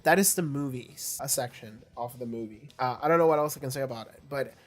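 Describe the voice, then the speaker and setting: A man's voice: medium pitch, fairly quick. A man rambling through casual reaction commentary, retelling scenes and thinking aloud as he goes. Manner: animated storytelling, acts out quotes. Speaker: reaction video host.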